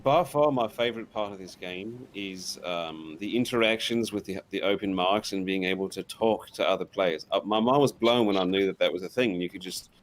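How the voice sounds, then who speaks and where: A man's voice: low voice, fairly quick, few pauses, slight background noise. A man chatting casually during a game stream, playful and fond of hammy pirate talk.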